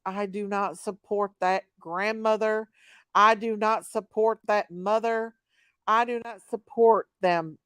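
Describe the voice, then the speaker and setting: A woman's voice: mid-range voice, clean tone, no echo. A woman hosting a live online panel, talking heatedly and greeting viewers by name as she goes. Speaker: livestream panel host. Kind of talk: casual live chat.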